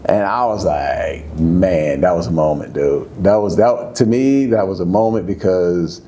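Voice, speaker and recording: A man in his fifties with a low, warm, mellow voice tells old locker-room stories in a loose, slangy interview. His pitch leaps up whenever a memory excites him, then drops back down. It sounds like a sit-down studio chat. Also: a little slow, slight background noise. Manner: animated, rises high when excited, casual slang. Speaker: former football player, interview guest. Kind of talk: candid conversational storytelling.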